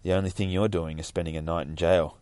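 A man's voice: deep voice, little pitch movement, quick pace, a little mellow, clean tone, no echo, natural voice. A man raising his voice as a tough female police chief. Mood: commanding.

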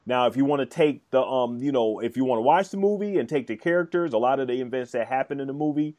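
A man's voice: medium pitch, lively intonation, fast talker, darkish tone. A man co-hosting a podcast in casual chat, talking hesitantly with many fillers and restarts. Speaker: podcast co-host.

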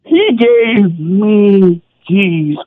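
Tearful ex-player guest, high and lively, slow-spoken, dull lo-fi line. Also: male voice, no room sound. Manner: emotional, tearful, exclamatory with "geez". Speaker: former football player, guest. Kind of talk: emotional radio interview storytelling.

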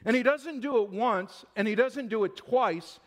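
A man's voice: very high voice, moderate pace. A male pastor preaching a Sunday-morning sermon in an emphatic, conversational way.

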